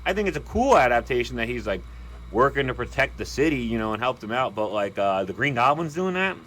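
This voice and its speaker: A man delivering ranking commentary in an animated, exasperated ranting manner. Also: medium pitch, fast, slight background noise. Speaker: video commentator.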